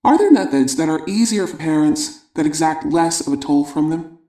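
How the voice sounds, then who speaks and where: A man narrating a parenting audiobook in a measured, instructive reading voice. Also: on the high side, expressive, dark tone, reverberant.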